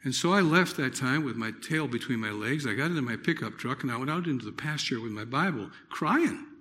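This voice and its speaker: Man giving a dramatic lively sermon testimony. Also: mid-range voice, brisk. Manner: dramatic storytelling, swings from loud exclamations to hushed near-whispers. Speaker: preacher.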